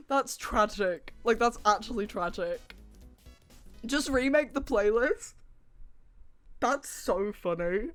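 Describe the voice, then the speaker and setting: Young woman streamer, mid pitch, sarcastic animated chatter, faint music under her. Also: drawn-out words, pauses often. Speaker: livestreamer. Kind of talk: casual stream chat.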